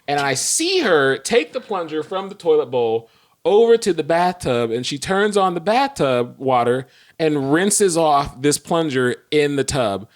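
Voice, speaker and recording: A man co-hosting a podcast, telling a story in a casual chat, animated and laughing, acting out the quotes in quick bursts. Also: fairly high pitch. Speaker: podcast co-host.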